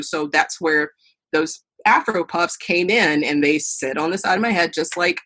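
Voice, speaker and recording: Husky-voiced woman telling stories, animated. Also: sits low, unhurried. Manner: animated storyteller, acts out quoted voices. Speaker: podcast guest, burlesque performer. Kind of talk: storytelling interview answers.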